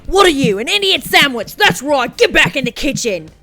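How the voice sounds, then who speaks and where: A woman's voice: high-pitched, sing-song, normal speed, pushed and bright, soft background music, exaggerated voice. A woman doing a mock British impression of a foul-mouthed, furious male celebrity chef who berates and swears. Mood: berating.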